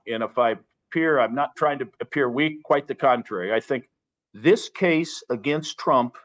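A man, a lawyer, talking as a podcast guest in an earnest, measured way, restarting and repeating phrases. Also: mid-range voice. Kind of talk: podcast interview.

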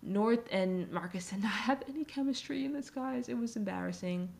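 A woman's voice: a little high, moderate pace, creaky. A young adult woman hosting a podcast, ranting casually about a video game, swearing freely and filling her talk with "like". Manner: animated, swears freely, frequent "like" fillers. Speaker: podcast host.

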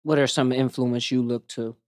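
A man hosting a podcast, asking drawn-out, measured questions. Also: mid-range voice, fairly even intonation, darkish tone, no echo, studio quality. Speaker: podcast host. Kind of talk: interview questions.

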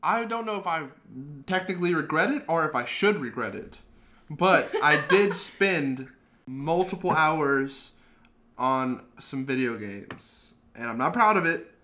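A man's voice: on the high side, expressive, unhurried, pushed and bright. A man playing a casual question game with friends, sheepish and joking in his answers. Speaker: guest player.

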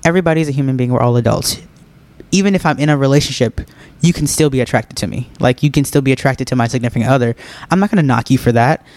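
A man's voice: medium pitch, fast, darkish tone, dry recording. A laid-back young man hosting a podcast, chatting casually and answering listener questions, laughing often and leaning on filler words. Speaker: podcast host.

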